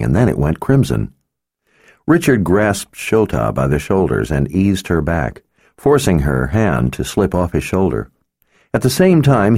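A man narrating an audiobook in scripted, expressive and measured storytelling. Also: low voice, no echo, clean studio sound.

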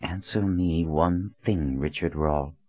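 A man voicing a composed, stern woman leader who speaks in a low, calm, clipped way, on a dull, lo-fi recording. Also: moderate pace, breathy edge.

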